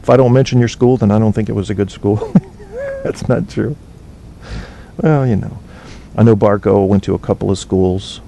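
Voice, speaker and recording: Gravelly, profane man hosting a podcast. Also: steady tone, fairly quick, mellow. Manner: blunt, profane, rambling. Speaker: podcast host. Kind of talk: casual solo talk with live chat. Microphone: cheap low-quality microphone. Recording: faint noise on a low-bitrate stream.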